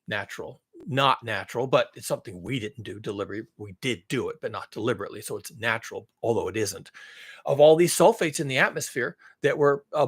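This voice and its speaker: A man giving sarcastic spoken commentary, swinging from mock-alarmed outbursts to low muttered asides and correcting himself as he rambles. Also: fairly bright tone, breathy edge. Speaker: climate commentary channel host.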